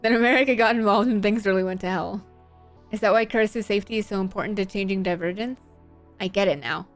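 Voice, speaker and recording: A woman's voice: medium pitch, fast, faint music behind. A woman streamer narrating a visual novel playthrough and reacting with blunt, profane commentary.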